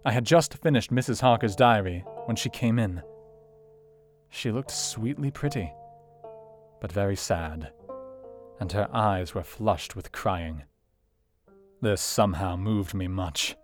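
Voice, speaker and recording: An actor playing an earnest, grave Victorian male doctor in a dramatized reading of a classic novel, with a formal, gentle and solemn manner. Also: lowish voice, slow pace, pauses often, faint music behind.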